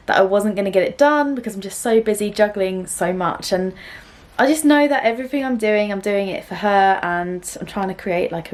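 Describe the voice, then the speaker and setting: A young woman chatting gently to the camera about her sewing, full of fillers and soft laughs. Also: mid-range voice. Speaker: sewing vlogger. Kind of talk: casual chat to camera. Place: small room at home.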